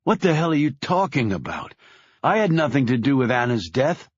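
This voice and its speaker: A narrator gives a hard-edged male operative a slightly raised, indignant delivery, husky and clipped, in an audiobook thriller. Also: mid-range voice, big pitch swings, normal speed, no echo, lo-fi sound, voice pushed up. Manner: sharp, indignant. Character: tough male operative, wounded and defiant.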